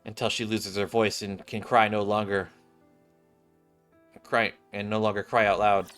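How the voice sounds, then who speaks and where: A man's voice: on the low side, flat delivery, unhurried, fairly bright tone, faint music behind. A man reading a game story aloud, breaking in with casual, wry asides.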